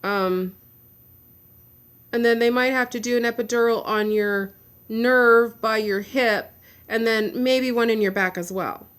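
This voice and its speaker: Frustrated woman vlogger, blunt and venting, slightly high voice. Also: steady tone, a little slow. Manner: blunt, swears. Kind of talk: personal video update.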